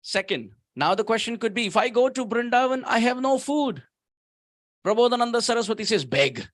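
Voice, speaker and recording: A man preaches at a temple in a high, ringing voice. He tells stories with emphasis and slows right down to chant verses. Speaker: guest speaker at temple. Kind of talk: sermon.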